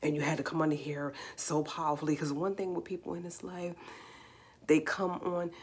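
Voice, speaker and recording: A woman with a New York accent and a slightly raspy voice, hosting a live stream and talking emphatically, firing off rhetorical questions. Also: deep voice, little pitch movement, brisk. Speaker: livestream host. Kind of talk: casual live commentary.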